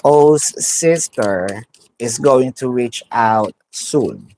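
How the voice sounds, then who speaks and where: Slow, musing woman reading tarot. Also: rumbling low, animated, warm tone, slight background noise, low-quality recording. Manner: musing, repeats phrases, names cards aloud. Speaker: tarot card reader.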